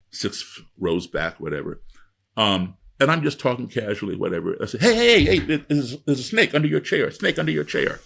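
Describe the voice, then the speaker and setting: A man's voice: on the low side, vocal fry. A middle-aged man telling a story in an interview, lecturing with emphatic repetition. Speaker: guest speaker.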